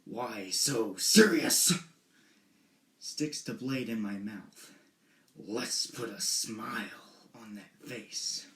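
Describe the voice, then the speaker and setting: Slow drawn-out villain voice, put on by a young man, menacing, bright, echoey room with faint hiss. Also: on the low side, exaggerated voice. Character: menacing male movie villain telling a dark tale.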